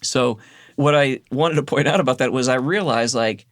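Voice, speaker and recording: A man co-hosting a podcast, telling stories in a lively, self-deprecating way in casual conversation. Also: medium pitch, normal speed, no echo, clean studio sound. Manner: animated, self-deprecating storyteller. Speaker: podcast co-host.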